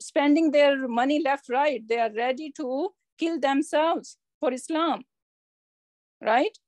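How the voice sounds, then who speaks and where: Speaking slowly, a high-voiced woman with a darkish tone patiently teaches grammar in an online class and keeps asking her students questions. The sound is dry and close, without any room ambience.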